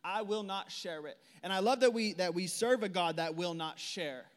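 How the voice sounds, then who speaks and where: A young man preaching a sermon with passion. He stumbles and repeats words, then drops into quiet prayer. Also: high-pitched, animated, normal speed, few pauses. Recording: long hall reverb.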